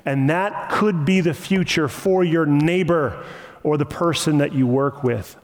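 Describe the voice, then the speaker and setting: A man's voice: a little high, a little slow. A man preaching an impassioned sermon with emphatic repetition, recorded in a church sanctuary. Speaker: pastor. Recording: long hall reverb.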